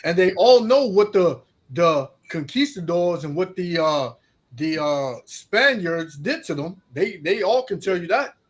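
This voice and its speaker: A man's voice: high voice, expressive, unhurried, slightly rough. A man talking in a casual religious discussion, rambling with frequent restarts.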